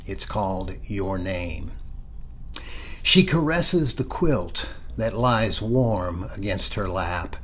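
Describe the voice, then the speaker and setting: A man giving an online poetry reading, reciting in a measured way that sometimes drops to a whisper. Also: low voice, expressive, a bit bright, breathy edge. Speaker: poet. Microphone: online video reading.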